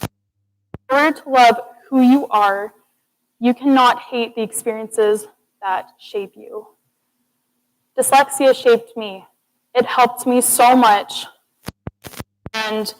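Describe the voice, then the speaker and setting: A young woman with a slightly high voice gives a student TED-style talk. She speaks earnestly and encourages the audience directly. She sounds like a presenter in front of a class. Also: low-quality recording. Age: young adult. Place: classroom or lecture hall.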